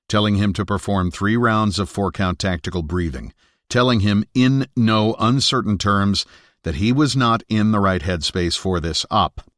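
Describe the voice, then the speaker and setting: A man narrating an audiobook thriller in a steady, measured reading on a close studio mic. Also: deep voice, dry recording. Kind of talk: scripted narration.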